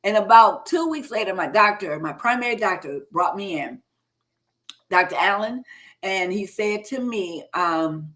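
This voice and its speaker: A middle-aged woman hosting a live health talk show, telling a personal health story with lively, animated delivery and acting out the doctors' words and her own shocked replies. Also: medium pitch, a little slow. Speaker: host.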